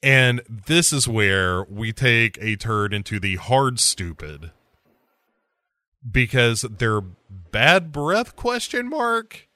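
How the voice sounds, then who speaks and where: A man hosting a podcast, casually retelling a horror movie's plot with jokes and quick put-on voices. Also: fairly low pitch, dry recording. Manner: jokey, animated plot retelling with quoted voices. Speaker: podcast host.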